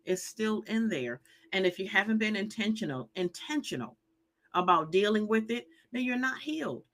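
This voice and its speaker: A woman's voice: mid-range voice, animated, normal speed, fairly bright tone. A woman in her fifties hosting a live stream, emphatic and preachy, repeating her points and reading viewer comments aloud. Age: 50s. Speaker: live show host giving healing advice.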